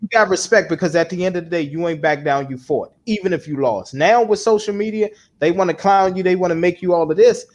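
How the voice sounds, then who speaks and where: A man co-hosting a podcast in casual chat, animated and repeating himself for emphasis. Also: sits high, quick pace, hardly any pauses. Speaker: podcast co-host.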